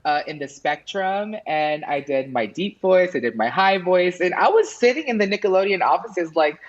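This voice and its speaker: A man's voice: normal speed, highs cut off. A man who is a guest on a casual podcast, telling stories with lots of acted-out quotes, swearing casually. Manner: animated storyteller, acts out quotes in high voices.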